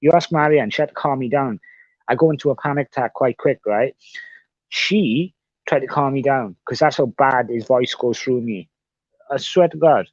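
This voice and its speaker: A man's voice: medium pitch, normal speed, dry recording. Rambling, swearing man, dull audio. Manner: rambling, swears often, repeats himself. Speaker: livestreamer. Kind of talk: casual livestream chat. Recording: dull, dry sound.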